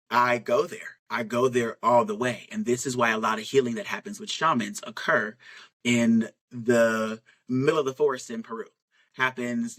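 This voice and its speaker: A man's voice: mid-range voice, fairly bright tone, poor audio. Frank man telling his story. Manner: rambling, frank, with many "like" fillers and restarts. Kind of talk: candid personal storytelling.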